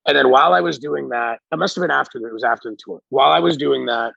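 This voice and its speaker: A man's voice: mid-range voice, fast, vocal fry, sharp tone, husky, no echo, highs cut off. A man on a podcast telling a rambling, profane anecdote as a guest, full of restarts. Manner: rambling, frequent restarts, swears freely. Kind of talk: casual storytelling.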